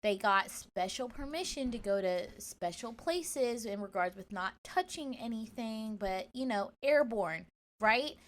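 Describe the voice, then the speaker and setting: A woman co-hosting a casual podcast, telling a story in a chatty, animated way. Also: a little high, measured pace. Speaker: podcast co-host.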